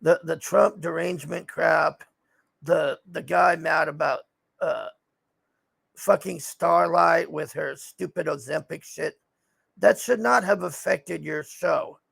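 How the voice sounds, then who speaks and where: A man's voice: fairly high pitch, slow, gravelly, a bit bright, breathy edge, dry recording. A man recapping a TV show in a casual, rambling rant, frustrated and swearing often. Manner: frustrated, profane ranting; rambling with frequent fillers. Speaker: TV show reviewer.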